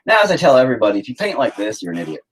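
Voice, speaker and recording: A man's voice: wildly swooping pitch, very fast, slight background noise, low-quality recording. A man in his thirties chatting crudely and jokingly at home while painting on a livestream. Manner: crude, joking, often puts on shrill mocking voices. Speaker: artist livestreaming a painting session. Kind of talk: casual rambling livestream chat.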